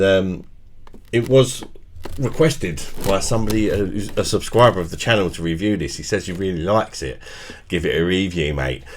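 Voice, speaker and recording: A man with a British accent reviewing beer in a casual, jokey, rambling vlog chat, laughing at his own puns. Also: deep voice. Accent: British English.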